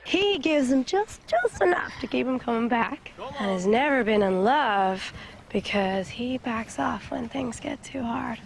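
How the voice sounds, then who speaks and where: A knowing young woman in a film, confiding and gossipy. Her voice has a gravelly edge, with faint ambience behind. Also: fairly high pitch, expressive, a little slow, slight background noise. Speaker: film character.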